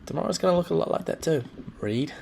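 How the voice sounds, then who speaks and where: A man's voice: fairly high pitch, animated, fast talker, vocal fry, very noisy. A young man in a casual spoken journal, rambling crudely and criticizing himself while planning his day. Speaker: vlogger.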